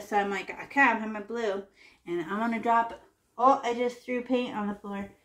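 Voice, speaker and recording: A woman with a fairly high voice teaches children to paint. She talks them through each stroke in an animated, playful way, dropping in little sound effects and sing-song noises as she goes. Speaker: art teacher.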